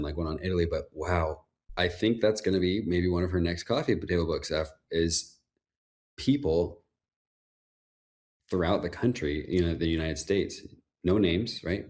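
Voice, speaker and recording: Deep-voiced, easygoing male guest. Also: a little mellow. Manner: easygoing, conversational, laughs easily. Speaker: guest, home builder. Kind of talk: casual interview chat.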